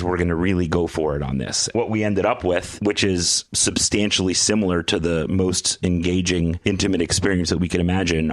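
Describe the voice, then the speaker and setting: A man's voice: sits low, no room sound, studio quality. A man chatting as a podcast guest, explaining his business at length with enthusiasm. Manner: enthusiastic, talks in long run-on explanations. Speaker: guest, VIP experience company executive. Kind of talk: casual podcast conversation.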